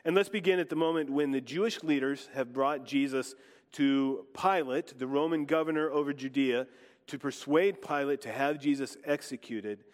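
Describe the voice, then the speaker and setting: A man's voice: medium pitch, moderate pace. Man preaching in a reverberant church. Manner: conversational, guiding the congregation. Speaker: pastor. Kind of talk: sermon.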